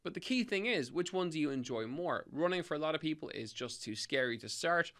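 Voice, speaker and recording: A middle-aged Irish man hosts a solo health podcast as a fitness coach, giving tips in an emphatic, upbeat way and repeating key points. His voice is a little high, expressive, fairly bright, and brisk.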